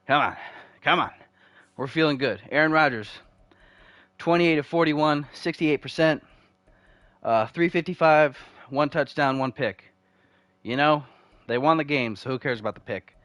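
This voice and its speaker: A man's voice: fairly high pitch, normal speed, fairly bright tone, dry recording. A young man in casual gameplay commentary, rambling and self-deprecating while reading off game stats. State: uncomfortable, needs the bathroom. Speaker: video game franchise mode host.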